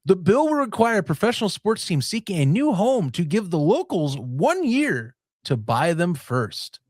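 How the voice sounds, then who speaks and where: Man, fairly high voice, dry close sound; rambling, laughing sports-podcast talker. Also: very animated, a little slow, a little mellow, no room sound. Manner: rambling, self-interrupting, laughs often. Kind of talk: casual sports chat.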